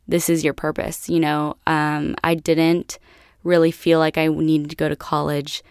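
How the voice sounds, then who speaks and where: A woman's voice: sits low, clear, resonant tone, no room sound, studio quality. A young woman from the United States telling a personal story to her viewers in a chatty, casual way, full of "like". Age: young adult. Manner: chatty, lots of "like" and laughs. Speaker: vlogger.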